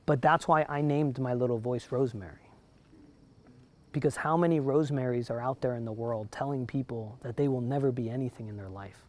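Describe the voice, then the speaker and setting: This motivational talk to a live group of realtors comes from a broker with a New Jersey accent. His mid-range voice has a darkish tone and moves fairly quickly, and he stays conversational, repeatedly checking in with listeners.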